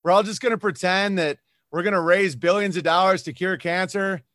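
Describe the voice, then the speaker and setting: A man's voice: high voice, fairly quick, a bit bright, no echo, studio quality. A man, a comedian, talking in a casual podcast chat, ranting animatedly and mocking the people he quotes. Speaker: comedian guest.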